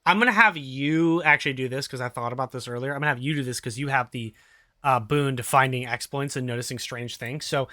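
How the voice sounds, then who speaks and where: A man acting as game master, narrating a tabletop game with animated, laugh-filled explanations. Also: medium pitch, fast talker, no room sound, clean studio sound.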